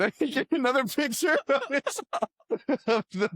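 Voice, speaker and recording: A man's voice: extremely high pitch, animated, moderate pace, fairly bright tone, dry recording. A young man co-hosting a podcast, rambling through a story, laughing often and acting out quoted lines. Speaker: podcast co-host. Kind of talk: casual storytelling chat.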